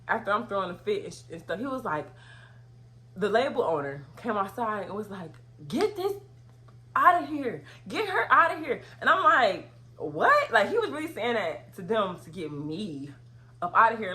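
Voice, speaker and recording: Young woman, casual storytime vlog, lowish voice, breaks into loud outraged retellings. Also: slight background noise. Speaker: vlogger.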